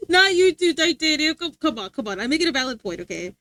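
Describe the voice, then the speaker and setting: A woman's voice: high voice, very animated, fast, fairly bright tone, no room sound. A woman streaming live and chatting casually with her chat, playful and teasing, laughing often.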